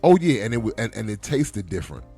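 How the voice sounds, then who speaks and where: A podcast co-host with a low, husky voice talks fast in casual chat, animatedly telling stories and acting out the quoted dialogue. Soft music plays in the background.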